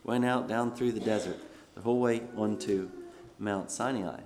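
A man's voice: lowish voice, steady tone, moderate pace, background noise. A male pastor giving a sermon, reading scripture aloud and then explaining it in a conversational way.

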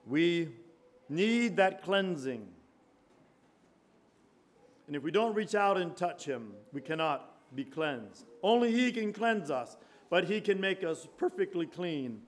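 A man preaching a fervent sermon, reading scripture and swinging from quiet murmurs to shouted praise. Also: high-pitched, sing-song, slow. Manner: reads scripture in King James wording.

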